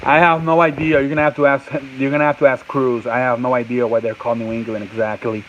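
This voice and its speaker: Speaking fast with a level, mid-range voice, a man runs a casual sports talk show, rambling, restarting often and repeating himself while replying to off-mic chat and reading live comments. The highs are cut off and there's slight background noise.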